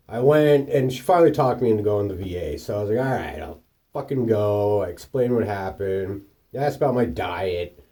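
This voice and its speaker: A man tells rambling, profane stories straight to the camera, his pitch jumping around as he acts out the people in them. His voice is mellow and relaxed, and he sits a little back from the mic. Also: far from the mic. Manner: profane, rambling anecdotes with animated quoted voices. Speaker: vlogger. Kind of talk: casual storytelling monologue.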